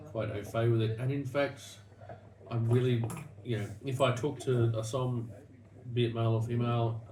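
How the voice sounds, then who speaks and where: A man with an Australian accent hosting a casual wine-tasting chat, rambling through stories with many restarts. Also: mid-range voice. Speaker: wine show host. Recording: echoey room, distant mic, noisy.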